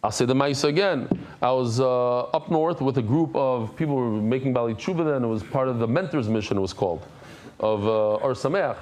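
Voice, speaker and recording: A man teaching a daily Talmud class. He is animated, repeats phrases, stops to explain Hebrew and Aramaic terms in English, and throws in joking asides to the class. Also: medium pitch, brisk.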